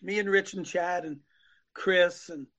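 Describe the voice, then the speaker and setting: A man's voice: high-pitched, steady tone, unhurried, fairly bright tone, highs cut off. A man preaching emphatically as host of a live talk show, repeating his points and calling on co-hosts by name. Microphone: phone.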